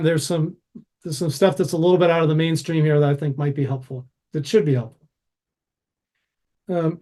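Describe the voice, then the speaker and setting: Male facilitator, higher voice, casual and chatty, video call. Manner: relaxed, chatty, slightly halting. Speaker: workshop facilitator. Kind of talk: casual online workshop talk.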